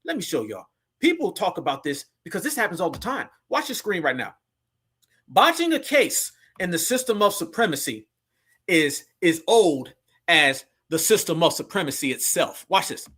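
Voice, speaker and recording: A man's voice: high voice, big pitch swings, normal speed, sharp tone, husky. A man hosting a reaction commentary, talking fiery and preachy and calling his listeners family. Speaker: commentary channel host.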